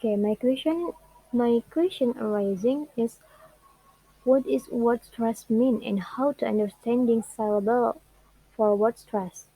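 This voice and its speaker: A young female student whose first language is Indonesian gives a classroom presentation on what she learned about English word stress, speaking carefully and haltingly and drawing out example words. Her voice is fairly high, mellow, and husky; the recording is dry but rough.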